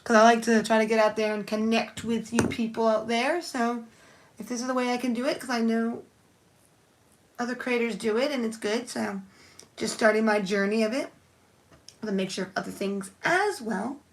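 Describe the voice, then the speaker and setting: A woman's voice: a little high, steady tone, normal speed. A woman chatting casually on a live stream while doing her nails, rambling and thinking aloud as she works. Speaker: nail art livestreamer.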